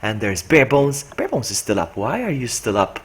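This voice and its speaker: With big pitch swings in a mid-range voice, a man talks at a moderate pace over game music. He gives live gameplay commentary as he streams, narrating his own play and saying hello to chat.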